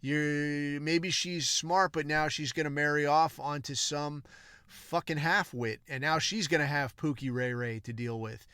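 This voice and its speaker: A man's voice: on the high side, fairly even intonation, a little slow, sharp tone, clear, resonant tone, no room sound, studio quality. A man hosting a podcast, delivering a crude, profane monologue rant that jumps between topics. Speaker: podcast host.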